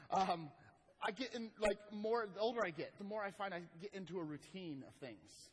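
A male pastor delivers a sermon in a fairly high, husky voice. He swings between loud, emphatic lines and hushed, slow ones. The sound carries a long reverb from a large hall. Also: lively intonation.

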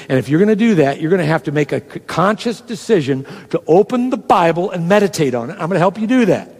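A man preaches in a conversational, teaching way, walking the congregation through a method and acting out each step. His voice sits a little higher than most men's. A long reverb from a large church hall trails after his words. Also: lively intonation, fast talker, darkish tone. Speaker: pastor. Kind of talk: sermon.

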